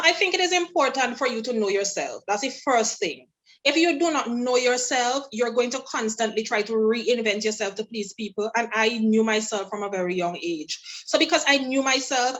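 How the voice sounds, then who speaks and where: In a casual interview, a Vincentian guest singer tells lively stories, acting out other people's words. She speaks at normal speed in a slightly high voice, though the audio quality is poor.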